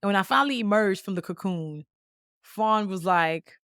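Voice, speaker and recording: A woman in her late thirties, hosting a podcast, tells a personal story in a lively, conversational way with casual slang. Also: mid-range voice, normal speed, clean tone, dry recording, clean studio sound. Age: late 30s. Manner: lively, conversational, acts out quoted dialogue. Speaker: podcast host.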